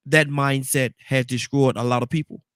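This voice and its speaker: A man's voice: medium pitch, moderate pace, clear, resonant tone, dry recording, clean studio sound. A man hosting a radio talk show, affirming callers and asking questions. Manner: steady affirming, prompting questions.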